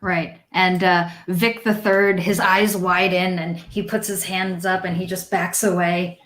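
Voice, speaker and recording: A woman narrating a tabletop game as game master in an unhurried, amused way. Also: on the low side, level tone, a bit bright, roomy sound.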